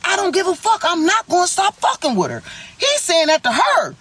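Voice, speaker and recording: A young woman telling a story in a vlog, animated, slangy and full of swearing. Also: very high voice, moderate pace, a little hiss or hum.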